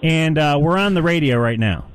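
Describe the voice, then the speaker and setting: A man's voice: a little high, animated, normal speed, slight background noise. A man hosting live sports talk radio, chatty and playful, rambling with asides.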